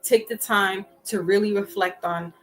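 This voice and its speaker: A woman gives a relaxed tarot reading in a chatty, loose way, stopping and restarting her words often. Her voice sits at a middle pitch, and soft music plays faintly behind her. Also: unhurried, poor audio. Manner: chatty, frequent restarts and fillers. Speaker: tarot reader.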